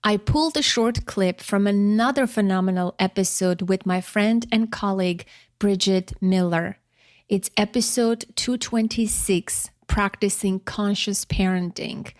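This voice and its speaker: A woman's voice: medium pitch, measured pace, dry recording. Woman hosting a parenting podcast, dry and close. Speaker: podcast host. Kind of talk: scripted podcast introduction.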